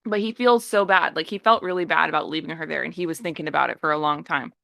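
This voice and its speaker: A woman on a podcast, retelling a story in a lively, casual way and acting out the characters' lines. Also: sits low, fast talker, creaky, dry recording. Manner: animated storytelling, acting out quotes. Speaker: podcast co-host.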